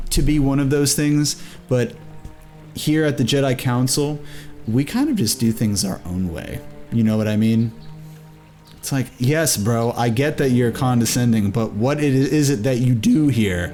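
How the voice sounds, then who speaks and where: A man's voice: medium pitch, darkish tone. A young man giving casual, joking, sarcastic commentary while playing a video game. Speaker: game streamer. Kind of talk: casual let's play commentary.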